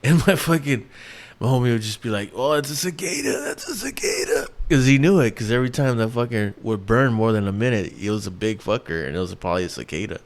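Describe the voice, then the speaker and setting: Speaking fast in a voice on the low side, a man in his thirties from New York hosts his casual solo podcast. It's rambling talk, heavy on restarts and fillers, with free swearing.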